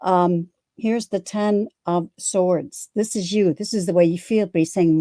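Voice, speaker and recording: A woman tarot reader going through a card spread, speaking gently and comfortingly with halting restarts. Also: mid-range voice, dry recording.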